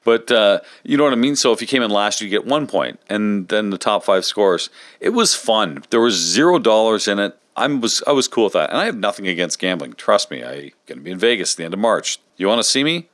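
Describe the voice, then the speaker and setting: A man chatting on a podcast in an animated, talkative way, laughing easily. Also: fairly low pitch, fairly quick, dry recording. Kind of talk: casual podcast chat.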